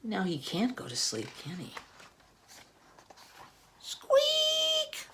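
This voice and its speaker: A woman librarian reading a storybook to children and then explaining a craft, gently checking in with "okay?" as she goes. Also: lowish voice, very animated, normal speed.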